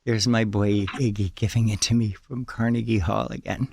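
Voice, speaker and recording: A man being interviewed as a guest, telling his story with animated, breathless enthusiasm and acting out the voices in it. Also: lowish voice, normal speed, creaky, slight background noise. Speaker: guest, clothing store owner.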